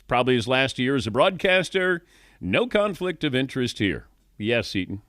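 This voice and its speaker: A man's voice: mid-range voice, sing-song, moderate pace, a bit bright, no echo, clean studio sound. A middle-aged man hosting a sports talk radio show, wry and questioning, chuckling often. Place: radio studio.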